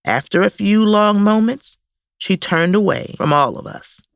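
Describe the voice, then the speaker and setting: A woman reading her own memoir aloud in a slow, reflective first-person style, close to the mic. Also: mid-range voice, lively intonation, vocal fry, dry recording. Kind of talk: audiobook memoir narration.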